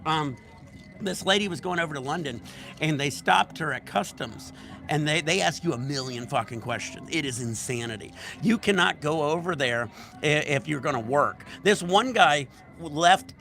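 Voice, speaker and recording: Rambling man with a gravelly voice. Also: on the high side, animated, normal speed, a bit bright, soft background music. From United States. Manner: rambling, profane storytelling. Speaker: livestream host. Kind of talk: casual livestream chat. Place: outdoor resort bar.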